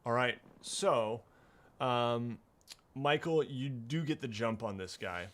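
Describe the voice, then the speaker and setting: A man running a tabletop game as game master, unhurried and hesitant with many fillers. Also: medium pitch, a bit bright.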